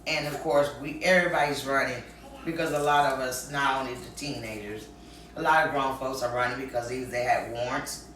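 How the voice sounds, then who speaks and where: A woman from Texas telling a candid story about her own life, frankly and with lively quoted voices. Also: very deep voice, slight background noise. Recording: very echoey room, mic far off.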